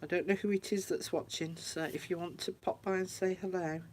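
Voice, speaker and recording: A woman's voice: on the low side, fairly even intonation, brisk, a little mellow, slight background noise. A woman chatting casually to viewers on a craft livestream from her room at home. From United Kingdom. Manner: chatty, talks to viewers, frequent laughs.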